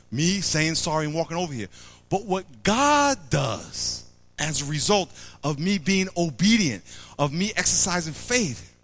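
A man preaching a sermon to a live audience, acting out little scenes, repeating himself and quizzing the crowd. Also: on the high side. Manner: animated, acts out little scenes and quotes.

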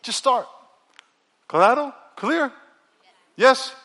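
Brief: middle-aged male pastor with a high voice, upbeat and jokey sermon delivery, call-and-response with the room. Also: extremely slow. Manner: energetic, joking, leads call-and-response. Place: large church auditorium. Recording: long reverb of a large church hall.

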